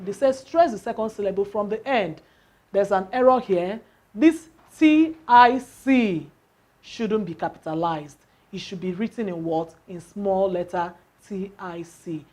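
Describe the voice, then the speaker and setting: A woman teaching word stress in an unhurried way. She spells endings out letter by letter and keeps asking the class questions, then answers them herself. Her pitch sits in the middle range. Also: expressive, darkish tone. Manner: slow, spells out letters, asks rhetorical questions.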